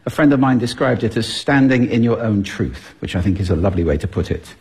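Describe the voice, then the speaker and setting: A man's voice: lowish voice, animated, fast, darkish tone, husky. A man giving a stage talk to a live audience, playful and demonstrating points with his own voice. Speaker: public speaker on voice and speaking.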